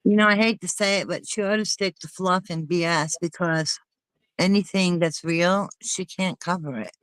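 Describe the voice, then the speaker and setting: A woman's voice: fairly low pitch, normal speed, a bit bright, dry recording, poor audio. A woman hosting a casual chat with friends, talking in an indignant, emphatic way.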